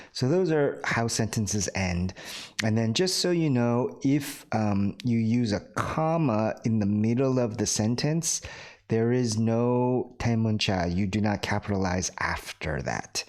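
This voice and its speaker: A fairly low, darkish voice leads this recorded online English lesson, where the teacher patiently repeats points, frequently asks "right?", and drops in Korean words for his class.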